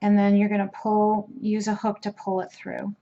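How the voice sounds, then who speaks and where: A woman's voice: medium pitch, completely flat delivery, moderate pace, warm tone, highs cut off. A woman teaching a crochet trim step by step in a casual, chatty way, with fillers and restarts. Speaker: crochet instructor.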